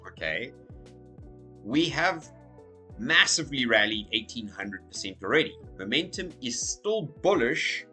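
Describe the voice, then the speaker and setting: A man with a hoarse, croaky voice talking casually through crypto market commentary, energetic and checking in with "okay?" as he goes. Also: on the low side. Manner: energetic, repeats okay and so as you can see. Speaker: crypto YouTuber.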